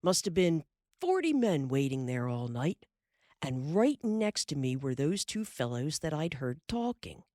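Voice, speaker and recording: A woman's voice: deep voice, big pitch swings, unhurried, dark tone, dry recording, studio quality. A woman voicing a hearty middle-aged frontier father telling a tale in a folksy drawl. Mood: lively.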